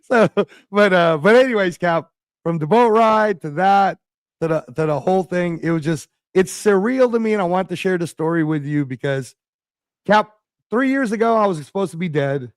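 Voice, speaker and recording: A man with a hoarse voice, a guest in a casual livestream chat, rambling and laughing as he talks. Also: high voice, animated, moderate pace, dry recording, studio quality.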